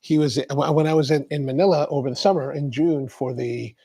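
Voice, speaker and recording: A man's voice: fairly high pitch, fairly even intonation, fairly quick, mellow, slightly rough. A man hosting a coffee livestream, chatting casually and rambling while he answers viewer comments.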